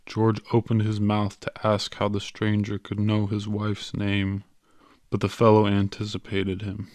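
Low gravelly guy reading a story aloud, steady, flat delivery, dry close mic. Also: measured pace, dry recording. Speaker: audiobook narrator. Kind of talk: scripted narration.

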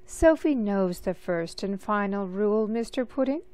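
A woman voicing a brisk, confident, kindly aunt in a storybook read-aloud, affectionate in manner. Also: medium pitch, lively intonation, a little mellow, lightly acted.

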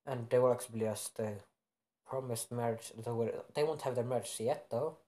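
A young man makes up a fan story aloud, stopping to correct himself and filling gaps with hesitations. His voice sits at a middle pitch, unremarkable and conversational. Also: fairly even intonation, normal speed, mellow. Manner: rambling, self-correcting, many fillers. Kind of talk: improvised fan-fiction narration.

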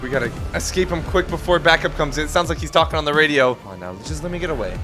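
A young man playing a robber in a role-play game, giving excitable, joking commentary to himself while he drives. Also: fairly high pitch, quick pace, over music. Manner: excitable, jokey, talks to himself while driving.

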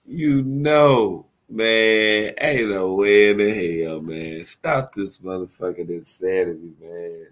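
A man's voice: lowish voice, takes it slowly, few pauses. A man hosting a stream and mockingly roasting someone, with scornful insults and laughter at his own jokes.

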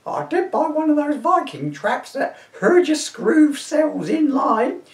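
A man voicing a shrill, indignant old village woman in a high, quavering crone voice. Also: big pitch swings, slow pace, far from the mic, full character voice. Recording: roomy echo, voice from off-mic.

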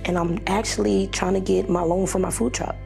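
A woman talking in a documentary interview about moving into a new home, excited and laughing often. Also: mid-range voice, fairly quick, gravelly, soft background music. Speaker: program participant in a video.

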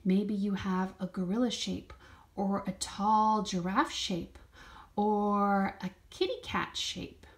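A woman's voice: mid-range voice, slow pace. A woman leading a children's movement lesson, reading a picture book aloud in a sing-song voice and cheering the dancers on. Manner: lively sing-song storybook reading, encouraging prompts. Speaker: dance teacher.

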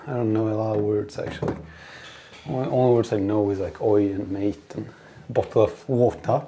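A man's voice: lowish voice, steady tone, moderate pace, dark tone, slight background noise. A man joking and rambling to the camera between sets at the gym, swearing as he goes. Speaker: gym vlogger. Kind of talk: casual muttering gym vlog.

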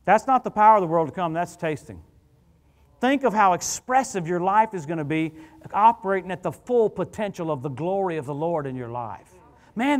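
A middle-aged man preaching as a guest minister, telling stories in an animated, conversational way. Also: high voice. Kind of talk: sermon. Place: church sanctuary. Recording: church hall reverb.

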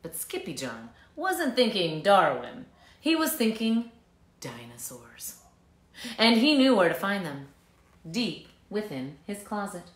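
A woman reading a picture book aloud to children, animated and coaxing them to clap and shake along. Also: mid-range voice, slow pace, reverberant. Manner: animated, coaxing kids to join in. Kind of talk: interactive storybook read-aloud.

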